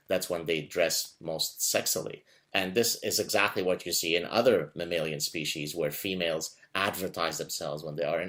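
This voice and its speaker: Male host, very low voice, measured academic delivery, wry. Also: a bit bright. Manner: measured, academic, with dry asides. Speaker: host and researcher. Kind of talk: casual interview chat.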